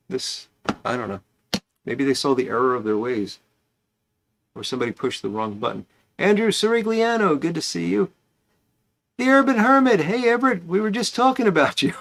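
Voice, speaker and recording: A man hosting a casual pipe-smoking livestream, rambling and chatty as he greets viewers by name. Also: mid-range voice.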